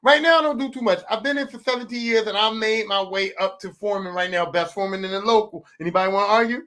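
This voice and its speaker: A man's voice: sits high, fairly even intonation, quick pace, pushed and bright. A man, hosting a podcast with a profane, comedic rant that repeats lines for emphasis. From West Philadelphia. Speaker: podcast host.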